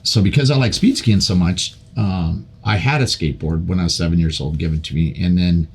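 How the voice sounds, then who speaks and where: An older man with a low, husky voice tells a story over a casual podcast chat. He is animated, repeats himself and restarts sentences as the memory carries him along. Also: a little fast. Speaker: podcast guest.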